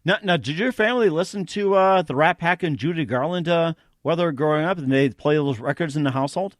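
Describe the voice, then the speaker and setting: A man's voice: fairly high pitch, fast talker, dry recording, clean studio sound. A man hosting an interview, asking long rambling questions padded with fillers. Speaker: host.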